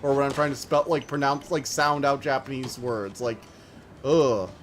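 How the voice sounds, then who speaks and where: A man's voice: medium pitch, steady tone, moderate pace, a little hiss or hum. An American man chatting loosely as he streams a game, rambling with lots of filler words. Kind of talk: casual let's-play commentary.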